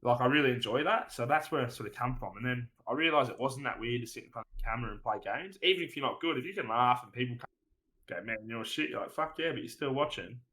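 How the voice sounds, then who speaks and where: A man's voice: mid-range voice, fast, pushed and bright, poor audio. Rambling Australian man, swearing freely. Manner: rambling, swears freely, says "mate" often. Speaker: guest streamer. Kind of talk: casual podcast interview.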